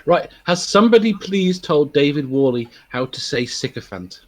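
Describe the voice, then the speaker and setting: A man's voice: a little high, lively intonation, moderate pace. A man making wry, teasing remarks in a casual streamed group chat.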